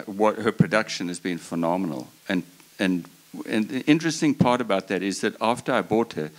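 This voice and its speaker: A man with a very low voice tells a personal story to a live audience. He talks earnestly and passionately, often starting sentences over as he goes. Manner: earnest and passionate, with frequent restarts. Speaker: horse breeder on a panel.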